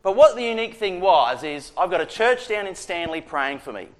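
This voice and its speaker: This storytelling testimony comes from a middle-aged Australian man, a prison chaplain, whose voice sits high and moves fairly quickly. He retells a personal faith experience conversationally and performs the dialogue with energy.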